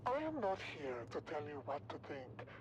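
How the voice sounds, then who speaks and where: An actor playing a secretive male defector who broadcasts insinuating propaganda in a video game, speaking in a pompous, measured way. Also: a little high, very animated, background noise. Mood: ominous.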